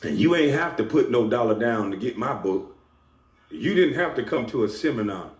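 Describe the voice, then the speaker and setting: A man's voice: mid-range voice, animated, normal speed. A man giving a confrontational, scolding rant to camera as a YouTuber, stressing his points with emphasis. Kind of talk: ranting monologue to camera. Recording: echoey room with faint background hum.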